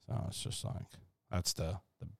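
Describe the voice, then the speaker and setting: A man's voice: moderate pace, no room sound. A man co-hosting a podcast, chatting casually and rambling with lots of swearing, his mouth dry while he recovers from a car accident. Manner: profane, rambling, trailing off. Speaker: podcast co-host. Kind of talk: casual chat.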